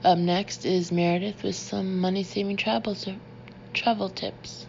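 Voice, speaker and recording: A woman voicing a courteous male television interviewer who wraps up a segment briskly in an audiobook. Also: mid-range voice, fairly even intonation, creaky, darkish tone, muffled recording, a little hiss or hum, natural voice. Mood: polite.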